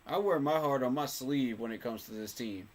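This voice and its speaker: Male fan host, mid-pitched voice, fired-up and emphatic, repeats lines for punch. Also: normal speed, slight background noise. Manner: passionate, emphatic, repeats phrases for effect. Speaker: sports fan channel host. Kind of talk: casual fan commentary to camera.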